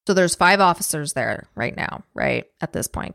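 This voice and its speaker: A woman's voice: low-pitched, lively intonation, normal speed, gravelly, fairly bright tone, no room sound, studio quality. A woman co-hosting a podcast, telling a true-crime story in a casual, profane, chatty way and laughing easily. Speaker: podcast co-host.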